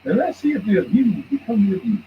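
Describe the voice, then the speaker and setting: A man rants on his podcast in a fairly high voice, heated and mocking, lurching between loud jabs and low grumbles. The recording is dull and lo-fi, with a faint hiss underneath. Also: lively intonation, fast. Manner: heated, mocking, swings between shouts and mutters. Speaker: podcast host. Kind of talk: profane ranting commentary.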